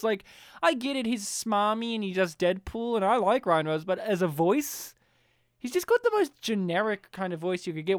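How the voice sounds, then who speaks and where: A man's voice: sits high, clear, resonant tone, no room sound. Man, podcast co-host, casual chat, playful, laughs a lot, dry close mic. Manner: playful, laughs often, breaks into silly impressions.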